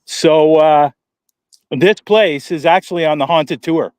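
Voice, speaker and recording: A man's voice: fairly high pitch, takes it slowly, a little mellow, smooth, no echo. A man on a live paranormal stream, talking from a cemetery at night with many ums, restarts and dry sarcasm. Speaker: paranormal investigator. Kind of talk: casual live-stream chat.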